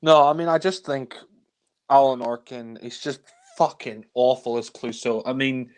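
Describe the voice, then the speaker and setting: A man reviewing films in a casual chat, exasperated and swearing freely, sometimes mimicking characters with shouts. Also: medium pitch, fairly even intonation, normal speed. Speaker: film reviewer. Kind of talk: casual film discussion.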